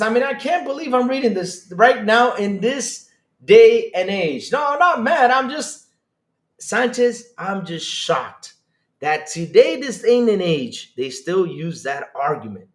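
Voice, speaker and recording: A man hosting a live stream, reading chat aloud and reacting with excitable disbelief and frequent laughter. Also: fairly high pitch. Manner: excitable, incredulous, laughing, rapid swings in loudness.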